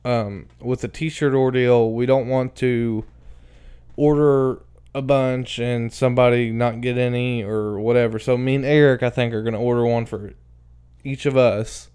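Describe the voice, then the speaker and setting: Man, casual podcast co-host, plain pitch, crisp tone, blunt delivery. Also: steady tone, a little slow, mellow. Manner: blunt, crude, laughing. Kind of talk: casual chat.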